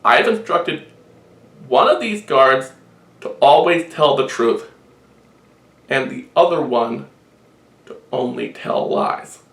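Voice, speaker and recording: A man's voice: mid-range voice, lively intonation, slow pace, vocal fry, long pauses, fairly bright tone, far from the mic, exaggerated voice. A man voicing a scheming medieval king who sets a test, quoted as part of a told joke. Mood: stern. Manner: storyteller quoting a character. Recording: roomy echo.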